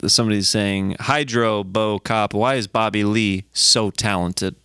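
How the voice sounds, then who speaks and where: A man hosting a podcast in casual chat, relaxed, reading out listener questions. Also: on the low side, measured pace, smooth, dry recording, clean studio sound. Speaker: podcast host.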